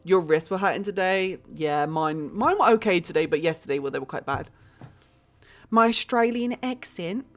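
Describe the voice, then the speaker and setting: A woman's voice: low-pitched, animated, fairly quick, hardly any pauses. A British woman streaming a life-sim game, chatting casually, thinking aloud and greeting viewers in her chat. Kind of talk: casual gameplay commentary.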